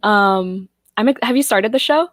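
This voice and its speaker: A woman's voice: mid-range voice, normal speed, fairly bright tone, a little hiss or hum. A young American woman hosting a live book-club stream, laughing often and greeting viewers from the chat. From United States. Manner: giggly, reads out chat comments. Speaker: host.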